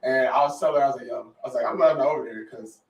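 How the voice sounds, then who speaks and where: A man's voice: mid-range voice, racing, echoey room, far from the mic, muffled recording. A man hosting a radio show in loose, slangy banter, repeating phrases for emphasis.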